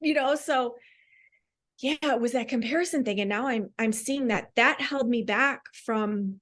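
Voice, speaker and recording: A woman's voice: fairly high pitch, a little slow, fairly bright tone. A woman speaking as a podcast guest, candid and reflective, with frequent "like" fillers. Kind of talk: casual conversational interview.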